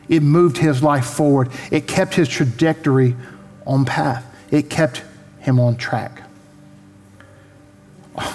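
A Texan man delivers a sermon in a high, carrying voice, slipping into the voices of the people in his story. The sound rings with a long reverb from a large hall. Soft music sits faintly behind him. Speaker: pastor.

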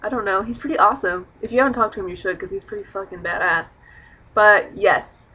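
A young woman rambles through a casual vlog, chatty and a little sweary. Her voice is bright and forceful. The audio is muffled and low-fi. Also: brisk, slight background noise. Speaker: vlogger.

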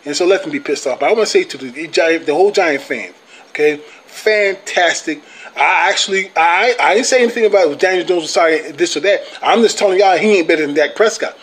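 A man with a high-pitched voice rants at rival fans in a vlog. He is profane and taunting, loops back over the same points, and keeps tagging his lines with "bro" and "okay". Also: brisk, a bit bright. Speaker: sports vlogger, Cowboys fan. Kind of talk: heated fan rant to camera.

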